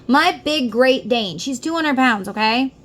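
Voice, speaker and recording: High-pitched, expressive and a bit bright, this middle-aged tarot reader talks in an unhurried way, with slight background noise. She gives a casual reading, earnestly and heartfelt, straight to the listener.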